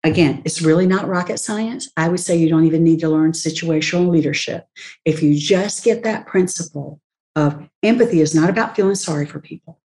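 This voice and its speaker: A woman's voice: low voice, fairly quick, dark tone. A woman speaking as a leadership expert in an interview, talking animatedly, acting out quoted voices and laughing often. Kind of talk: conversational interview talk.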